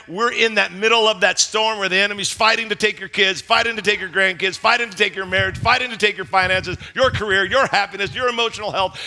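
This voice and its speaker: A middle-aged man preaching a sermon, telling stories animatedly and acting out scenes. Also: high voice. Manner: animated, acts out scenes and voices. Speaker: pastor. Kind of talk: sermon with storytelling.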